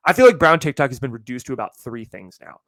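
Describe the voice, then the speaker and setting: A young adult man hosting his solo podcast, ranting in a casual, animated and profane way. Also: medium pitch, fast talker, dry recording, studio quality. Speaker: podcast host.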